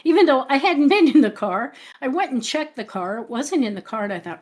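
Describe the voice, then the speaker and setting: A woman hosts a livestream talk show, her voice sitting a little high. She talks in an animated, storytelling way and laughs often. She mixes explanation with casual chat. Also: a little fast, hardly any pauses. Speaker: astrologer and show host.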